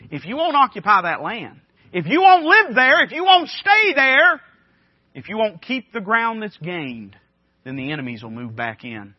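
A man's voice: high-pitched, sing-song, moderate pace, dry recording. A man preaching a sermon, his delivery swelling and dropping in emphatic waves. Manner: emphatic preaching with rising and falling intensity. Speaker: pastor. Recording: dull dry sound.

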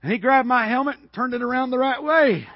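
Male preacher, high and husky, dry slightly muffled sound, animated sermon storytelling. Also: fast talker, no room sound. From Georgia, US. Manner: animated, building to shouted peaks. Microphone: worn microphone.

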